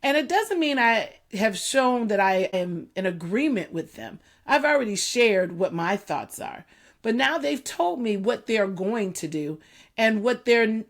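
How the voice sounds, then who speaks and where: A middle-aged woman hosting a solo talk, earnest and measured, repeating her key points slowly for emphasis. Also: a little high. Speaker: podcast host.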